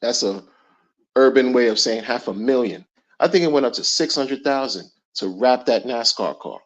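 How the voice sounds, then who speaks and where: On a dull lo-fi recording, a middle-aged man who hosts a commentary channel goes on an emphatic, slangy rant, hammering the same points repeatedly. His medium-pitched voice is animated and moves at a moderate pace.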